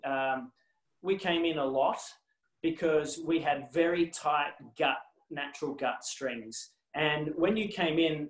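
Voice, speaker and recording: Australian ex-athlete guest, lively anecdotes, restarts, roomy echo on a video call. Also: male voice, on the high side. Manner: animated anecdotes with many restarts and laughs. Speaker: former tennis player, guest. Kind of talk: casual storytelling on a video call.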